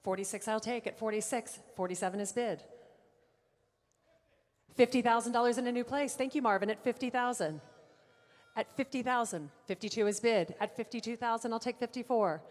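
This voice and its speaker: A woman auctioneer calling bids at a live car auction, brisk and playful with the bidders. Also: on the high side. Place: large auction room. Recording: long hall reverb.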